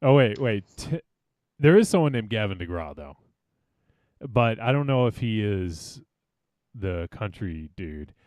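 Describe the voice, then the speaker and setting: Lively, giggly male podcast co-host. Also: fairly low pitch, unhurried, long pauses, no echo. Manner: laughs often, reads listener comments aloud. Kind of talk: casual chat.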